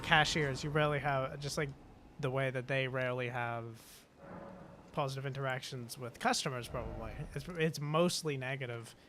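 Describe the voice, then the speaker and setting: A young British man streaming, telling a rambling story with lots of swearing, fillers and restarts. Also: medium pitch. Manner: halting, swears a lot, many fillers and restarts. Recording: steady background noise.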